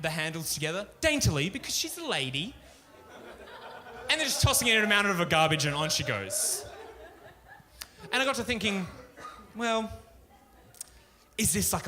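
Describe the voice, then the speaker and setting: A man's voice: high-pitched, very animated, normal speed, sharp tone. A man doing a crude, ranting stand-up routine at a pub show, swearing freely. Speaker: stand-up comedian. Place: pub stage, live show.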